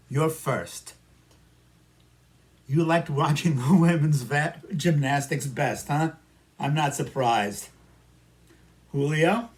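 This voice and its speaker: A man with a New York accent teaching an English listening lesson, talking patiently to students and echoing their answers. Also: a little high. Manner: slow, patient, talks to imagined students and answers for them. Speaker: ESL teacher. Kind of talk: simulated classroom micro lesson.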